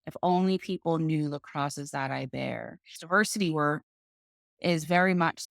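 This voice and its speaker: A woman guest on a podcast, telling her own story in an animated conversational way. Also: deep voice, a little slow, gravelly, no echo, clean studio sound. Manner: animated, acts out other people's voices in quotes.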